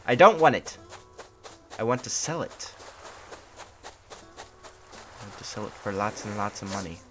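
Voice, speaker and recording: A man's voice: fairly low pitch, expressive, a little slow. A tired young man streaming a game, grumbling in sarcastic mock indifference. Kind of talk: casual live-stream gameplay commentary. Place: hot room at home. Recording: noisy home stream recording.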